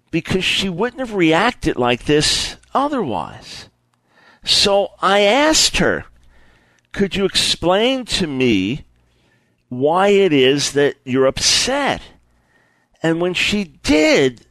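A man preaching a sermon, his higher-pitched voice rising and falling with strong expression. He repeats key phrases for emphasis and acts out the people in his examples. The sound is close and dry. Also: fairly bright tone, no room sound, rough recording. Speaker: preacher teaching on apologetics.

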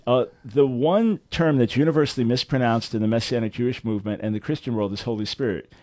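A man's voice: mid-range voice, quick pace, darkish tone, dry recording. Earnest male Christian radio host. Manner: earnest, preacherly, repeats words when starting.

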